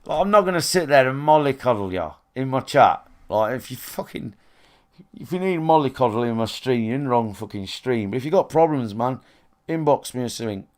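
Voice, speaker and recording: A man's voice: mid-range voice, lively intonation, fairly quick, a little mellow. A man talks to a small live stream audience from his room. He rambles bluntly and swears freely, circling back with fillers and restarts. He sounds like a man in his thirties speaking into a desk mic. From England. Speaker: game streamer. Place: his own room, alone.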